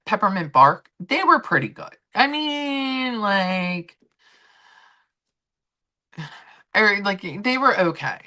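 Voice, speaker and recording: Woman streamer, casual rambling chat, swears freely, very animated pitch, bright tone. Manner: talks to chat viewers directly. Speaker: livestream host.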